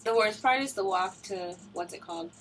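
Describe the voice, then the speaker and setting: A woman's voice: mid-range voice, a little fast, a bit bright, distant mic, a little hiss or hum, poor audio. A young woman guest on a college radio show, playful and dry-witted in casual chat. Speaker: interview guest.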